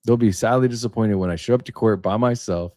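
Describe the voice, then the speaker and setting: A man's voice: fairly low pitch, fast, warm tone, no echo, clean studio sound. A man hosting a casual livestream, rambling and emphatic, reading aloud and then riffing on it. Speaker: livestream host. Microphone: webcam setup.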